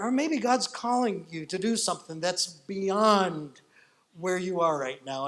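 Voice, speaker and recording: Male pastor, sermon delivery, higher-pitched voice, animated storyteller who acts out lines. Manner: animated storytelling, acting out voices, rising to loud excitement.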